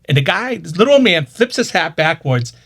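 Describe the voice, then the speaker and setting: Fast-talking Boston umpire man. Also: on the high side, husky. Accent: Boston area. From Boston area. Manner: lively storyteller, acts out quoted dialogue. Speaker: baseball umpire and instructor. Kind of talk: casual storytelling chat.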